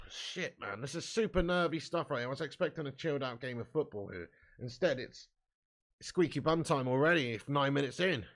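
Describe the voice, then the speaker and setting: A man hosting a live fan watch-along, commentating excitably, swearing freely and shouting at chances. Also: mid-range voice, normal speed.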